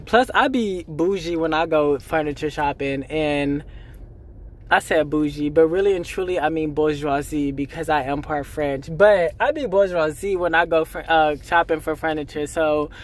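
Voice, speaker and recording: A man's voice: on the high side, moderate pace. A man vlogging casually from his car and a store, talking bluntly and with a lot of profanity as he rants. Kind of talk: casual vlog monologue. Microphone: phone camera.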